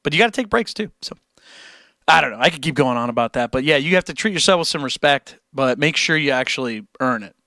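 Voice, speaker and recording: A man's voice: medium pitch, lively intonation, fast, sharp tone, no room sound, clean studio sound. A young man streaming and answering chat questions about guitar, blunt and encouraging, with casual swearing and rambling tangents.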